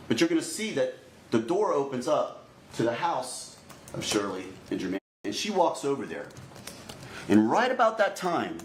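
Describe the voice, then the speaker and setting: A male prosecutor delivering a deliberate opening statement to a jury, repeatedly addressing the jurors directly. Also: medium pitch. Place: courtroom. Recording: echoey courtroom recording, faint noise.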